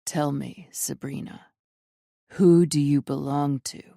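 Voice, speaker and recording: A woman voicing a dominant man, low, growly, teasing, very dry close sound. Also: steady tone, slow pace, creaky, dark tone, no echo, full character voice. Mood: taunting. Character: dominant commanding man, lover.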